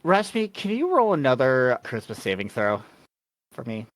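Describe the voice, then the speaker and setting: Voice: mid-range voice, very animated, normal speed, no room sound. A game master narrating a tabletop game scene in a descriptive, easygoing way.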